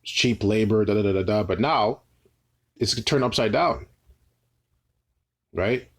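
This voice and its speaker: Taking it slowly in a fairly low voice, a man reads scripture aloud and unpacks it in an informal teaching style. He frequently adds "right?" as a tag and restarts his phrases often.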